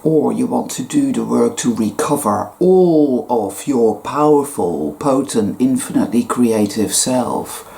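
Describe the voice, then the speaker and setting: A woman's voice: extremely low pitch, animated, a little slow, vocal fry, few pauses, warm tone. A woman giving a blunt, profane, emphatic spiritual rant to camera. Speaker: spiritual vlogger. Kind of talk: ranting spiritual monologue.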